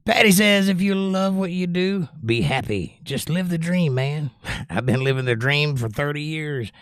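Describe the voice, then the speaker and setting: A man's voice: a little high, takes it slowly, pauses often, clear, resonant tone, dry recording, clean studio sound. An older man hosting a music livestream, reading viewers' comments aloud in a casual, joking way. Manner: animated, reads chat aloud and jokes.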